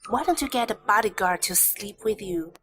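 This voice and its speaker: A woman's voice: mid-range voice, expressive, fairly bright tone, slight background noise, close to an everyday voice. A woman playing a teasing unflappable young wife. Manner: brisk and teasing, dryly mocking. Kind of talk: dubbed drama acting.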